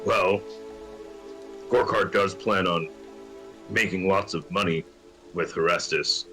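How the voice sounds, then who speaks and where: A man's voice: sits low, takes it slowly, bright, forceful tone, faint music behind, exaggerated voice. A man voicing a brutish arena fighter who speaks in broken grammar and refers to himself by name. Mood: measured.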